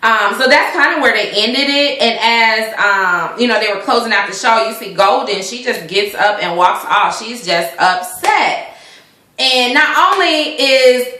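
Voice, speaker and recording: A woman recaps a reality show in a chatty, indignant way, full of fillers and restarts. Her voice is bright and sharp, and her home recording has a clear echo around it. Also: medium pitch, moderate pace. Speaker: vlogger reviewing a reality show. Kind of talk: casual opinionated recap.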